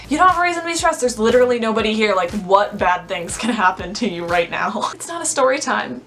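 A young woman vlogger telling a storytime, chatty and full of "like" fillers. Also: mid-range voice. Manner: chatty, fillers of "like", animated retelling. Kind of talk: storytime vlog.

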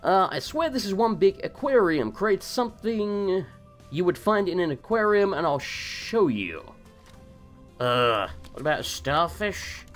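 A man narrating his gameplay in a loose, sarcastic way, swearing and arguing with the characters on screen. He is getting over a cold, and his pitch swings widely and animatedly. Faint game music runs underneath. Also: very animated, a little slow. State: recovering from a cold. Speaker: gaming channel host. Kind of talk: casual let's play commentary.

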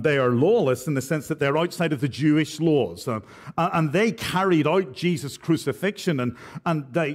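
A man's voice: fairly high pitch, a little mellow. A man preaching an expository sermon in church, earnest and direct, with frequent rhetorical questions. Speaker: pastor.

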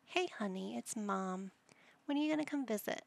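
A woman's voice: a little high, animated, moderate pace, gravelly. A woman doing a guilt-tripping, doting mom. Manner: pleading, nagging tone. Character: doting, guilt-tripping middle-aged mother.

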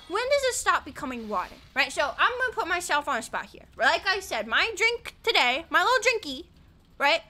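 A young woman from the American South talks with a high, bright voice that swoops up and down as she chats with her stream audience. She rambles, swears often and breaks off with sudden yelps while she plays. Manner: chatty, animated, swears freely, yelps at the game. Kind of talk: casual chat while gaming.

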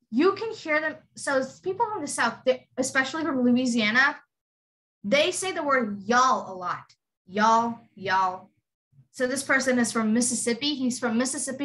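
A woman's voice: sits high, animated, normal speed, fairly bright tone, rough recording. A woman from Ohio, explaining in a casual online lesson. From Ohio, USA. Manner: chatty, explaining, talks to herself. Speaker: accent teacher. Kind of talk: online lesson reacting to video clips.

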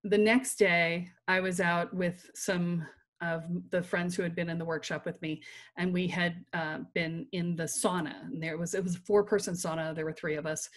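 A woman guest on a podcast telling a personal story in an animated way, laughing and checking in with "right?". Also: on the low side. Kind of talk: storytelling in conversation.

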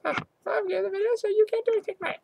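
A young vlogger voicing a squeaky, easily offended puppy that speaks in a prim, indignant way. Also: steady tone, rapid-fire, gravelly, a little mellow, full character voice.

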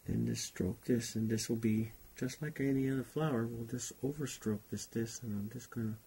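A man's voice: mid-range voice, moderate pace, gravelly, dark tone, slight background noise. A man teaching a painting class, talking unhurriedly and thinking aloud as he paints. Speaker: painting instructor. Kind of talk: relaxed painting demonstration.

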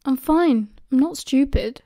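A woman's voice: on the high side, level tone, measured pace, mellow, no echo, studio quality, close to an everyday voice. A woman doing a curt, moody British schoolboy. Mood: sullen.

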